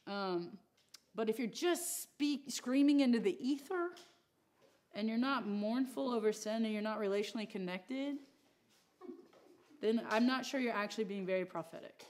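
A woman's voice: on the high side, moderate pace, a little mellow. A woman teaching a Bible study class in a casual, joking way, with asides to the room. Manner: chatty and joking, with asides to the audience.

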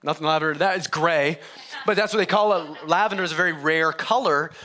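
A male pastor delivers a sermon in a church with a fairly high, bright, forceful voice. He tells his story in a casual, joking way, often stopping and restarting. His tone stays friendly and chatty from the pulpit. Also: a little fast. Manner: conversational, self-interrupting storytelling with humor. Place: church sanctuary.

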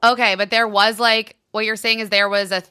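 A woman guest on a casual podcast, reacting to a story with quick, emphatic outbursts. Her voice is bright and sits close and dry, with no room sound. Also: medium pitch, flat delivery, smooth, dry recording. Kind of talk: casual chat.

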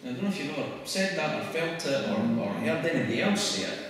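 A man with a Scottish accent giving a public talk to an audience, conversational and wry, with quick laughs. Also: fairly high pitch, big pitch swings, a bit bright, a little hiss or hum. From Scotland. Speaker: speaker at a public event. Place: church hall. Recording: echoey hall recorded from far off.

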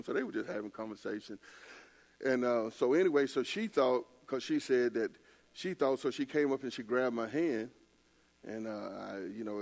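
A man's voice: mid-range voice, gravelly. An older man preaching a casual sermon, telling stories in a loose colloquial way with laughing asides. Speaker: pastor. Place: church.

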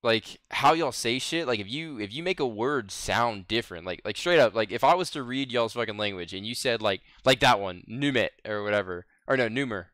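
A man's voice: medium pitch, expressive, brisk, few pauses, a bit bright, no echo, clean studio sound. A man in his twenties with a Southern American accent, streaming and chatting casually with friends, rambling, swearing and laughing often. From Southern United States. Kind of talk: casual gaming voice chat.

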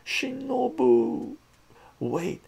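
A man's voice: mid-range voice, lively intonation, slow pace, vocal fry, darkish tone, breathy edge, pitched above the performer's own voice, heavily acted. Sweet coy alien girl, as a man reads her. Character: lovestruck young alien woman, sweet and coy.

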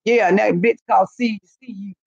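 A woman's voice: mid-range voice, fairly even intonation, normal speed, creaky, darkish tone, husky. A woman hosting a casual live stream, rambling and gossiping with lots of profanity. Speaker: channel host. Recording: muffled lo-fi recording.

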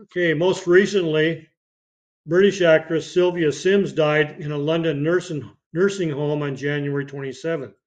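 A man hosting a podcast, reading obituaries with dates and film credits in a steady way, now and then slipping and starting a phrase again. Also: on the high side, normal speed. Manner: reads dates and credits steadily, with occasional slips and restarts. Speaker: podcast host. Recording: dull lo-fi podcast audio.

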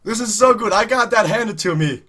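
Man, high voice, bright tone, excited gameplay commentary, repetitive, shouty. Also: moderate pace, slightly rough. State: out of breath. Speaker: gaming YouTuber.

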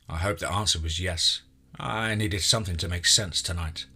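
Deep bright-voiced horror narrator. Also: male voice, normal speed, breathy edge, faint music behind.

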